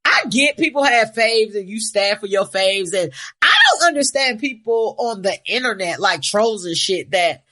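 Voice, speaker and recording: A woman's voice: mid-range voice, expressive, moderate pace, hardly any pauses, bright, forceful tone. A woman co-hosting a podcast in casual, profane chat, blunt and rambling. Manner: blunt, rambling, swears freely. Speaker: podcast co-host.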